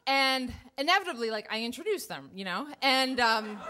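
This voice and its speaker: A woman in her thirties tells a first-person story live on stage. Her voice sits high and swings widely, jumping up whenever she acts out her own panic. The delivery is animated and conversational. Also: moderate pace, background noise. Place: theater stage before an audience.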